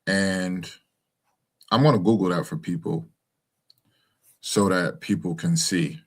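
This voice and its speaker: A man's voice: deep voice, slow, husky. A young man talking to his followers in a casual, rambling monologue, full of fillers and restarts. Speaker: commentator speaking to his followers.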